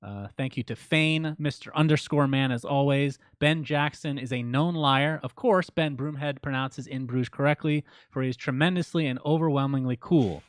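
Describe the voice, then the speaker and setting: A man co-hosting a laid-back podcast, trading deadpan jabs with his partner. His voice sits at an ordinary middle pitch, recorded close and dry with no room sound. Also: moderate pace, hardly any pauses, clear, resonant tone, no room sound. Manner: dry teasing, deadpan ribbing; reads listener names out as shout-outs. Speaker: podcast co-host. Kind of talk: casual podcast banter.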